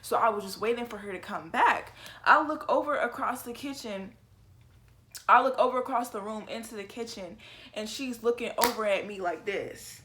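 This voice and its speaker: A young woman telling a story from her own life in a casual, animated and profane way. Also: on the high side, moderate pace, slight background noise. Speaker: storytelling vlogger.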